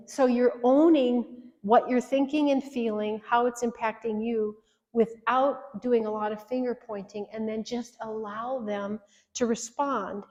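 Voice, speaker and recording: A woman in her sixties giving an earnest marriage workshop talk, coaching and directly challenging her listeners. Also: on the high side. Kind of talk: workshop teaching. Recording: echoey hall reverb.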